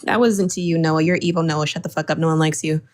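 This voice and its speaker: A woman's voice: sits low, steady tone, fast. A woman co-hosting a livestream in casual chat, blunt and profane, mocking people in the chat.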